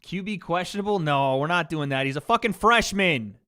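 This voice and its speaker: Angry streamer guy, high and sharp-edged voice, swearing constantly, snapping at chat. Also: expressive, fairly quick. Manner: profane, heated, snapping at chat. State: angry and frustrated. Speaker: streamer reacting to a football game and live chat. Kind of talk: heated livestream rant to chat.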